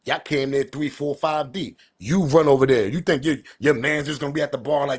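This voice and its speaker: A man's voice: mid-range voice, steady tone, a little fast, breathy edge. A man hosting a live-stream commentary show, talking in incredulous, argumentative street slang. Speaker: commentary channel host.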